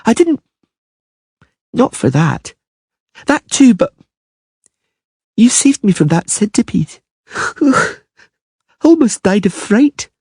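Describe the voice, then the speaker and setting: A man's voice: extremely high pitch, sing-song, slow, long pauses, a little mellow, breathy edge, dry recording, clean studio sound, pitched above the performer's own voice, full character voice. Man doing a whiny little princess girl. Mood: sulky. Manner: whiny, sniffling, petulant. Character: small, sulky, bossy young princess girl.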